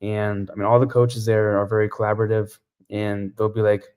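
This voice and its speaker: Flat-voiced man, casual podcast guest. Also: on the low side, clear, resonant tone. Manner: relaxed, halting with many fillers. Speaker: CrossFit athlete, podcast guest. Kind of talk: casual interview chat.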